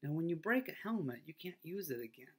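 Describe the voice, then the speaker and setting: A middle-aged man, a school pastor, giving a children's devotional talk in a gentle, earnest way that often sinks to a soft near-whisper. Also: on the high side, big pitch swings, fairly quick, husky.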